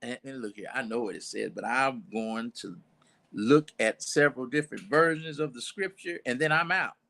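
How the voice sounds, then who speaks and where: A man's voice: medium pitch, normal speed, creaky, sharp tone. A man preaching an informal sermon in a church, talking conversationally with asides and restarts.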